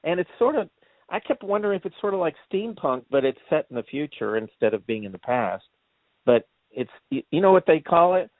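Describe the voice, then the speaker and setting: A man's voice: fairly high pitch, expressive, brisk, dry recording. A man co-hosting a casual movie review chat, telling stories in a rambling way and acting out quotes. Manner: rambling storyteller, acts out quotes, laughs often. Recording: tinny phone-like line, dry.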